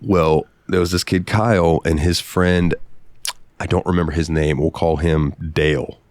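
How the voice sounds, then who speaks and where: Low-voiced man telling rowdy stories. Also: normal speed. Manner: profane, animated anecdote-telling. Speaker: podcast co-host. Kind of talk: casual storytelling.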